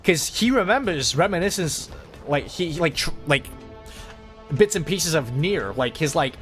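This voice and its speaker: A man streaming a video game, chatting in a rambling, excitable manner and cursing freely. His voice sits a little higher than most men's. Soft game music plays faintly underneath. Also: moderate pace. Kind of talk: casual gaming livestream chat.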